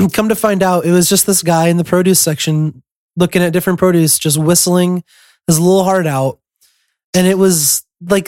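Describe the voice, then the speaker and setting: A young man co-hosting a podcast, rambling through a casual story with lots of ums, throat-clearing and chuckles. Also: high-pitched, darkish tone, no room sound, studio quality. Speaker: podcast co-host.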